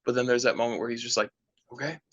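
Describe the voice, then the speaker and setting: A man's voice: mid-range voice, little pitch movement, racing, fairly bright tone, no echo. Young male co-host, easygoing and hesitant, dry close sound, a bit dull. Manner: thoughtful, hesitant restarts, easygoing. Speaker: podcast co-host. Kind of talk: casual chat.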